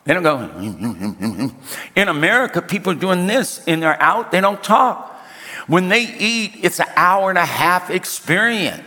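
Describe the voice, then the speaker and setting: Male preacher, sermon storytelling, humorous and emphatic, slightly high pitch, reverberant hall. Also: lively intonation, moderate pace, pushed and bright. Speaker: pastor.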